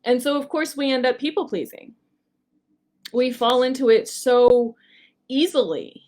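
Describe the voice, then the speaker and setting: A woman's voice: high-pitched, a little slow, darkish tone. A young adult woman coach teaching a workshop lesson in a casual, chatty storytelling way, full of "like" and "um". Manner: chatty, frequent "like" and "um". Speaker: personality coach leading a workshop.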